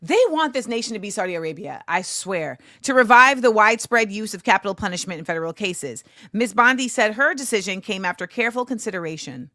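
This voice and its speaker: A woman hosting a casual chat show, reading news items aloud and adding quick asides. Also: mid-range voice, lively intonation, pushed and bright, dry recording, clean studio sound. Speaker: host.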